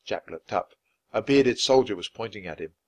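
A man narrating a children's chapter book in a clear, measured read-aloud style. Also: on the low side, lively intonation, a little mellow, muffled recording. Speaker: storybook reader.

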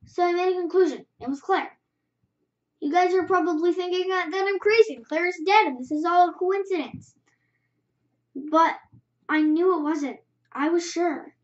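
High-voiced girl reading her story aloud. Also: normal speed. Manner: chatty, animated reading with self-corrections. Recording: muffled lo-fi recording.

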